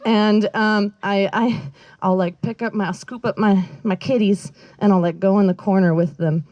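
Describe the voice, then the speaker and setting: A woman's voice: mid-range voice, steady tone, moderate pace, darkish tone, no room sound, dull audio. Woman stand-up comic, rambling self-deprecating set, giggles through it, dry close sound. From Northern California. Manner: rambling, self-deprecating, lots of fillers and laughs. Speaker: stand-up comedian. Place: outdoor backyard comedy show.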